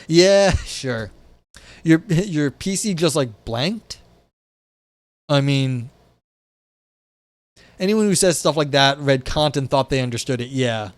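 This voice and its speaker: Sitting indoors at a desk near a window, a young streamer reads philosophy and reacts with wry, profane comments full of "like" and false starts. He speaks slowly with frequent pauses, his fairly high voice lively in intonation, and there's no echo.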